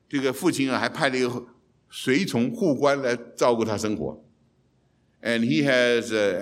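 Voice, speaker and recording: A man preaching a sermon and translating himself, telling a story with big swings between loud and soft. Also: lowish voice, a little hiss or hum. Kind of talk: sermon with self-interpretation.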